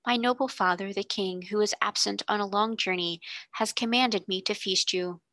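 A woman's voice: medium pitch, moderate pace, sharp tone, dry recording. A woman voicing an imaginative young girl who speaks graciously, in a dreamy pretend-princess voice.

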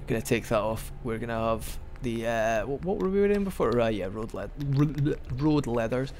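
A man's voice: medium pitch, very animated, normal speed, a little mellow, a little hiss or hum. A man giving casual, rambling let's-play commentary as he plays, joking and often restarting his sentences. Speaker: gaming video host.

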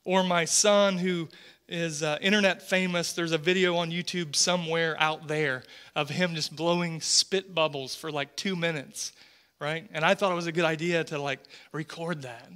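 This pastor, a man in his forties, speaks at normal speed in a clean voice on the high side. His sermon is earnest and animated, his storytelling marked by frequent repetition of words.

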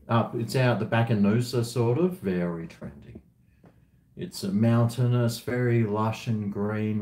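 A man's voice: lowish voice, dark tone. A man chatting casually and bluntly on a live stream, swearing freely and rambling between topics. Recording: echoey room.

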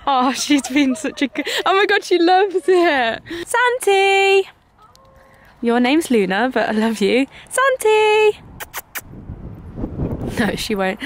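A giggly woman with a high, lively voice chats to her phone camera in a casual vlog. She coos at her dogs and laughs often, and her words come out unhurried. The outdoor recording carries clear background noise. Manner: giggly, excitable, talks to her dogs in baby voice. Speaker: vlogger. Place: outdoors in a car and a field with dogs.

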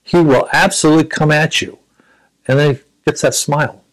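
A man in his seventies from the United States, a veteran recalling his service in a reflective, halting way. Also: fairly high pitch, fairly even intonation, poor audio. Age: 70s. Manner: reflective, halting storytelling with frequent restarts. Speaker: Vietnam War veteran interviewee. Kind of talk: recounting personal memories.

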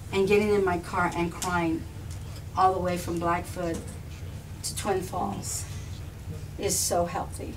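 A woman telling a personal story on a live panel, animated and often laughing, with restarts and repetitions. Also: fairly low pitch, slow pace. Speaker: filmmaker and activist guest. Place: live event room with an audience. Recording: distant mic with background noise.

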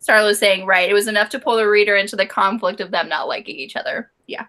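Woman, book club co-host; bright, giggly, casual. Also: medium pitch, fast talker. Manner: chatty, giggly, reads listener comments aloud.

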